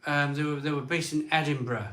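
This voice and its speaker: A man's voice: on the high side, steady tone, brisk, a bit bright, roomy sound. A man hosting a casual live stream, chatting in a rambling way. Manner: chatty, rambling, frustrated sighs. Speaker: live show host.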